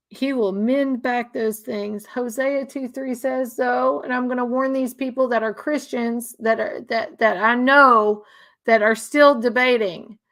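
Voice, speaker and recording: Woman, slightly high voice, casual and earnest, stumbles through restarts and repeats key phrases. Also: fairly bright tone. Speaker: speaker sharing religious views. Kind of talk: casual emotional monologue.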